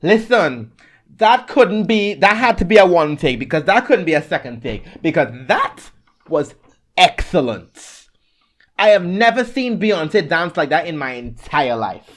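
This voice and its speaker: A young adult man co-hosting a podcast, gushing in an animated, dramatic way during casual chat. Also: a little high, unhurried. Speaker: podcast co-host.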